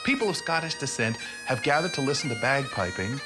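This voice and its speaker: A man's voice: medium pitch, brisk. Wry comedic male TV host over bagpipes. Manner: wry, deadpan jokes. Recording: music behind.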